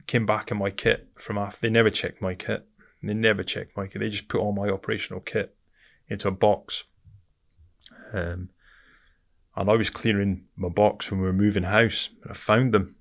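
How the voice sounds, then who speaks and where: A man's voice: fairly low pitch, level tone, moderate pace, creaky, pauses often, a bit bright. A man from Britain, a podcast guest telling his story bluntly and candidly, swearing often and calling the host mate.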